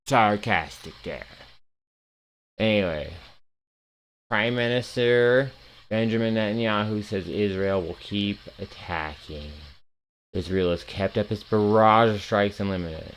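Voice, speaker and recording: A man's voice: on the low side, unhurried, pauses often, a little hiss or hum. A man hosting his own news commentary show, reading headlines and reacting with sarcastic, profane, rambling asides.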